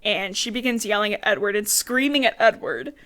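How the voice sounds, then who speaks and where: A woman's voice: mid-range voice, brisk, fairly bright tone. A young woman co-hosting a podcast, recapping a book in casual chat, swearing freely and acting out characters' lines. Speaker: podcast co-host.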